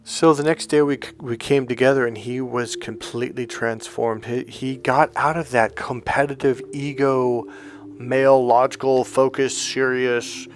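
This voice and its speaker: A man in the role of a dating coach, telling a story in a lively way. He acts out each person's lines as he goes and swears freely. His voice sits at an ordinary middle pitch for a man. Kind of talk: storytelling monologue to camera.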